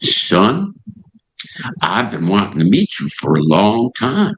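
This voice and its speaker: Kind old bluesman, low warm voice, man doing it. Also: huge pitch swings, takes it slowly, full character voice, poor audio. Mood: welcoming. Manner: warm, gracious. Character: gracious elderly blues legend, older man.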